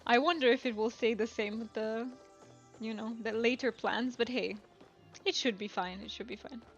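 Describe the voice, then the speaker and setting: A woman's voice: on the high side, steady tone, moderate pace, gravelly, muffled recording. Chatty woman streamer over game music. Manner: chatty, musing aloud to chat. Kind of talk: casual gameplay commentary.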